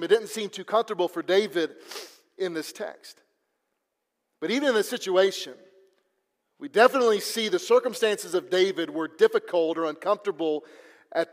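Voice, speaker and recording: A man preaching a sermon as pastor, telling stories and often restarting his words. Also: sits high. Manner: storytelling preacher with repeated restarts. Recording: long reverb of a large hall.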